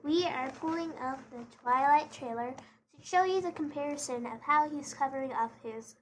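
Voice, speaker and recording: A woman hosting a casual chat, talking in a gushing, excitable way. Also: sits high, moderate pace, a little hiss or hum. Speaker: podcast host.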